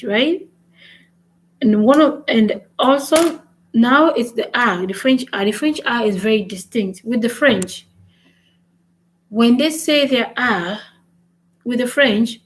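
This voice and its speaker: Here a woman with a voice on the high side hosts a laid-back language lesson vlog for her learning channel. She switches between French and English, driving points home with "right?". It's a low-quality recording.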